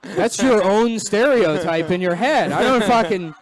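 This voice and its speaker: A man's voice: sits high, expressive, unhurried, a crowd in the background. A male stand-up comedian riffing in dry, sardonic on-stage banter.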